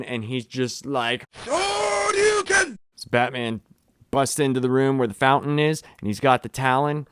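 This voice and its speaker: Animated man recapping a comic. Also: medium pitch, clear, resonant tone, no echo, studio quality. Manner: animated, swears, acts out quotes. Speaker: comic book reviewer. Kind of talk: casual review with excited recaps.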